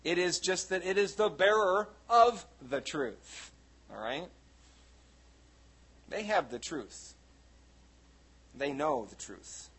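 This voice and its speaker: A man's voice: high voice, expressive, takes it slowly, long pauses, fairly bright tone, slightly rough. A man preaching a sermon to his congregation in a folksy, conversational way, with many fillers and asides. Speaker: pastor. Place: church hall before a congregation.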